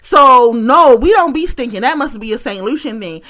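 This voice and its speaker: A woman vents straight to camera in a casual vlog, her voice pitched high and ringing bright. She is blunt and profane, repeats her points for emphasis, and breaks into laughter often. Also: animated, normal speed. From West Baltimore, US. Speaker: vlogger.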